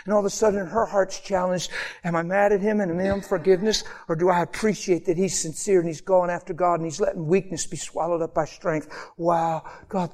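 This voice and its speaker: A man delivers a sermon in a high-pitched voice. He preaches with passion, climbing to emphatic peaks before dropping to soft, quiet pleading. Now and then he acts out the voices of the people he is describing. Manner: acts out quoted voices in conversational asides. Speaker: pastor.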